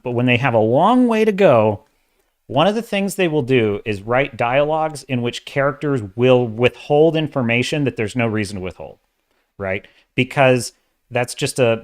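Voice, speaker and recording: A man hosting a casual livestream of entertainment commentary, opinionated and exasperated, talking in bursts with restarts. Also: mid-range voice. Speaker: host of a sci-fi and fantasy commentary channel.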